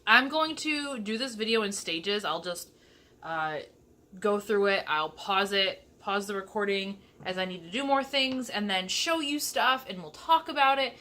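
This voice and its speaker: A woman's voice: mid-range voice, bright, forceful tone, slight background noise. A young woman from Michigan chatting casually through a cooking vlog in her home kitchen, with sassy asides. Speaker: vlogger.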